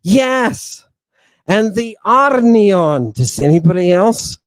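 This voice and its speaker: A man's voice, lively in intonation and free of room sound, carries an animated lecture on ancient texts to a live audience. The podcast host is emphatic, repeating "right" and "do you understand," with drawn-out stresses and swings from low murmurs to raised exclamations.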